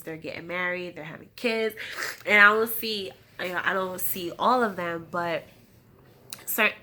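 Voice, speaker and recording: A woman in her late twenties giving a casual spoken recap of a TV episode, acting out the characters' lines as she retells them. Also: fairly low pitch. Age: late 20s. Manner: animated retelling, acting out quotes, laughing often. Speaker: TV recap reviewer.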